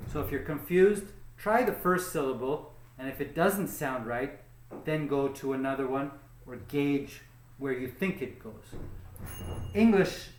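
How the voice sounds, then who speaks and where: Male teacher, slightly high voice, slow and patient, recorded in an echoey room. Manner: slow, patient, repeats and checks with "okay?". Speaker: English teacher. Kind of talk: recorded pronunciation lesson.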